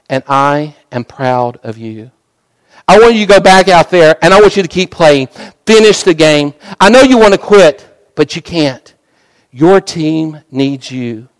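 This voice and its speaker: A man voicing a tender, grieving father who speaks softly and earnestly as he comforts his young son. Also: on the high side, slow pace, few pauses, poor audio. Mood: tender, hushed. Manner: hushed, soft and earnest.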